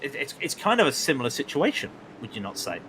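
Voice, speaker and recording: A man's voice: medium pitch, very animated, background noise. A young man commentating a sim race in a chatty, bantering way. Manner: chatty, bantering, quick asides.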